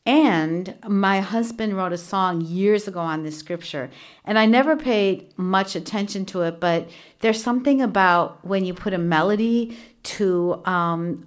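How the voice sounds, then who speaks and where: A woman hosting a solo devotional podcast from a small home studio, talking earnestly and chattily with many fillers. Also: on the low side. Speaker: podcast host. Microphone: studio microphone with earphones.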